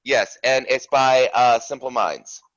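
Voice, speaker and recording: Man, trivia contestant, animated, bright tense voice, dull lo-fi call audio. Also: medium pitch, slow pace.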